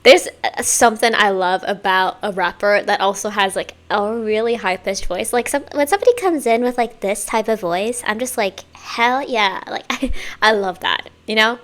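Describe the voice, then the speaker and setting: Female reaction host, casual and chatty, mid-range voice, fills gaps with soft murmurs. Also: medium pitch, normal speed, hardly any pauses, soft background music. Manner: chatty, rambling, hums and murmurs along. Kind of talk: casual music reaction commentary.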